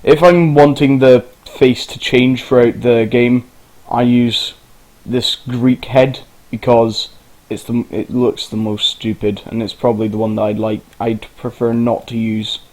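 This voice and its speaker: A man's voice: mid-range voice, little pitch movement, unhurried, hardly any pauses, a little mellow, low-quality recording. A man narrating a casual game tutorial, rambling and informal, with the odd swear.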